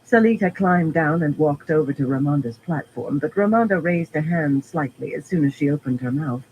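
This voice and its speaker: A man narrating a fantasy audiobook in a steady, even reading. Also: fairly high pitch, normal speed, a little hiss or hum, rough recording. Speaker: audiobook reader.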